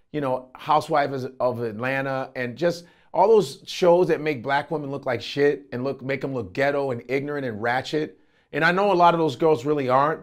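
A man, a comedian being interviewed, talking in an animated, emphatic way with plenty of profanity. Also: medium pitch. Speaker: comedian guest. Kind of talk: casual interview talk.

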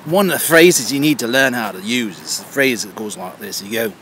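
A man's voice: mid-range voice, lively intonation, brisk, a bit bright, slight background noise, close to an everyday voice. A man playing a preachy vegan kids host. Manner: talks down like to small children, repeats words. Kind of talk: comedic kids-show parody. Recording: background music under voice.

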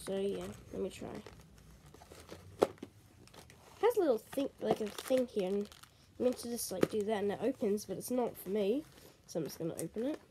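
A woman chatting excitedly in a casual snack taste-test vlog, full of ums and likes. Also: mid-range voice, normal speed, pauses often, background noise. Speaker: vlogger.

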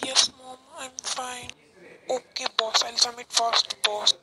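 The woman behind the channel plays the office workers in a homemade cartoon, giving plain, simple readings and short replies. She sounds fairly high, flat, and slow, with heavy noise throughout.

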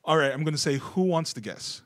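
A man's voice: fairly high pitch, lively intonation, a little fast, dry recording, studio quality. A man hosting a casual podcast, explaining a game with lots of ums and restarts. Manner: hesitant, lots of fillers. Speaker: podcast host. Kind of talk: casual group chat, running a game.

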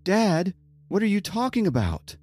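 A man voicing an anxious, excitable young woman in an audiobook, pleading and shouting into a phone. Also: normal speed, dry recording, close to an everyday voice. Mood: anxious, excited. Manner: high-pitched, pleading, shouting.

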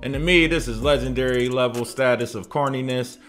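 A man's voice: medium pitch, brisk, fairly bright tone, soft background music. A man in his thirties hosting a commentary channel, giving dismissive, opinionated takes in a casual conversational way. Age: 30s.

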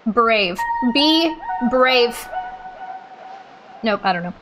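A woman hosting a let's play, thinking aloud in a chatty, unsure way and often yelling out in excitement. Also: fairly high pitch, extremely slow, background noise. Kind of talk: gaming commentary. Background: game music.

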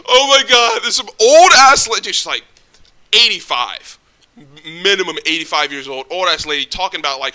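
A young man telling a story in a casual, excitable, profane, animated way. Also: on the high side, smooth. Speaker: vlogger.

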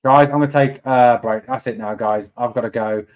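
A man's voice: mid-range voice, steady tone, a little fast, darkish tone, lo-fi sound. A man hosting a live fan stream, reacting to a match result. He sounds angry and deflated, repeats himself and swears a lot. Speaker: fan channel host.

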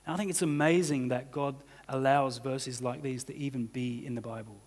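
A man's voice: medium pitch, steady tone, moderate pace, a little mellow. A man preaching a sermon as pastor, talking in a loose conversational way full of "you know" and "kind of". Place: church hall. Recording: church hall reverb.

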